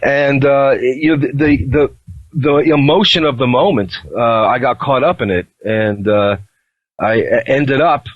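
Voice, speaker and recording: A middle-aged man from New York telling his life story as a podcast guest in a wry, unhurried way. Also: medium pitch, no echo. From New York, USA. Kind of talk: casual storytelling interview. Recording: dull, lo-fi line.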